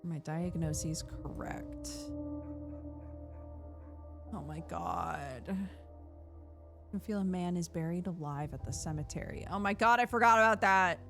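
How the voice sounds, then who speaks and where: A woman streaming a video game, reading the dialogue aloud and reacting in an expressive, exasperated way. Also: lowish voice, measured pace, creaky, long pauses, music in the background. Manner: animated and expressive, swings to loud exasperation. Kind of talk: live gameplay commentary, reading dialogue aloud.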